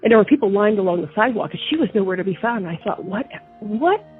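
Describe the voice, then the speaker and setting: Rapid-fire and slightly rough, a mid-range female voice comes through a tinny phone line with faint music. As an interview guest, she recounts what happened to her in an indignant tone, repeating herself and restarting often.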